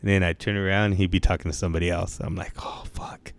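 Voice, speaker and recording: A man's voice: low-pitched, flat delivery, rapid-fire, no room sound. A young man telling stories in casual chat, with laid-back slang, heavy swearing and constant "bro" and "dude".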